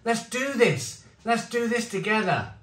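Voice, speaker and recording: Excitable man in an echoey room. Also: very high-pitched, unhurried, recorded from a distance. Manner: excitable, rambling, bursts of shouting. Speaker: beer reviewer. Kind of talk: enthusiastic tasting vlog.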